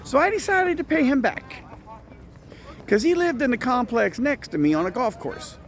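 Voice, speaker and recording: A man, a football coach and teacher, telling lively stories about a late friend and mentor, then speaking earnestly in tribute. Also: normal speed, slight background noise. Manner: animated storytelling, rising high when excited, earnest when reflecting. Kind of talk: casual storytelling tribute.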